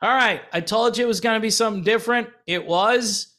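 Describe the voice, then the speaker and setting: Us guy ranting on his vlog, kinda high voice, sarcastic, lots of uhs. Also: fairly quick, bright, forceful tone. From United States. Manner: sarcastic, rambling with many fillers. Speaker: channel host. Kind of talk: casual commentary vlog.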